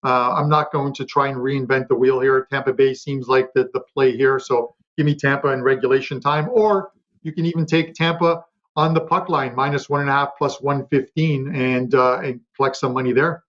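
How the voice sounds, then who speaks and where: A man on a betting panel, chatting quickly about his picks with lots of fillers and restarts. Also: mid-range voice, steady tone, a bit bright, lo-fi sound. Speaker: sports betting handicapper. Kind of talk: casual panel talk.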